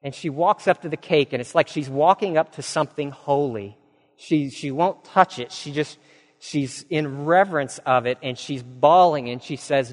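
A man preaching a sermon, telling a story with lively acted-out voices, dropping low and quiet for solemn points. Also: normal speed. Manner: animated storyteller, acts out quoted voices, drops low and soft for solemn points. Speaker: pastor. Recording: long hall reverb.

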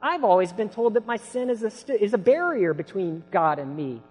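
A man's voice: high voice, very animated, normal speed, breathy edge. Male preacher in a reverberant hall. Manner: dramatic storytelling, swinging from hushed to shouting. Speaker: pastor. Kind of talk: sermon.

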